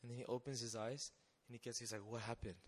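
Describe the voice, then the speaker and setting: A young man giving a lively testimony talk, telling a mission story with acted-out voices and frequent laughter. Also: medium pitch, fast talker. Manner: animated storyteller, acts out voices, laughs often. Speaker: missionary speaker.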